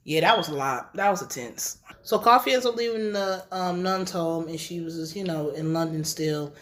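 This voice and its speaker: A woman's voice: fairly low pitch, moderate pace, hardly any pauses. Chatty woman recapping a TV episode. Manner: chatty and animated, gets emotional retelling scenes; casual slangy speech with swearing. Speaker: TV recap reviewer.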